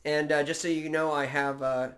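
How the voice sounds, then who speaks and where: Crude joking man, slightly higher voice. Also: level tone, normal speed, fairly bright tone. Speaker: podcast co-host. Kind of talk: casual chat.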